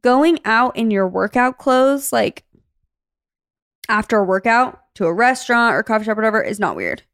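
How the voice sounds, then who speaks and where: A woman's voice: a little high, moderate pace, clear, resonant tone, dry recording, clean studio sound. Chatty young woman co-hosting a podcast. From Arizona. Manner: chatty, animated storytelling with lots of "like". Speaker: podcast co-host. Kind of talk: casual chat.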